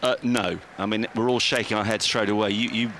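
Man hosting live radio, slightly low. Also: fairly even intonation, brisk, fairly bright tone, a little hiss or hum. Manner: jokey, bantering. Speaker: radio host. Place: outdoor media centre roof.

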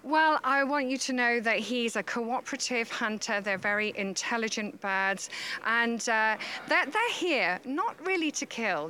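Bright-voiced woman falconer, halting. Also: on the high side. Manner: hesitant, many fillers and restarts. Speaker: falconer handling a hawk. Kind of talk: casual interview answers.

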